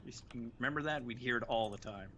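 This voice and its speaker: This livestream host has a bright, forceful, mid-range voice and talks fast. Gaming live, he rambles and reminisces in casual chat, restarting often and using lots of fillers, and the stream audio is slightly dull with faint hiss.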